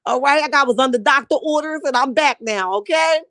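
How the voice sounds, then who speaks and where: A woman quoting a defiant, boastful woman taunting a rival, loud and brash. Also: sits high, brisk, dry recording, clean studio sound.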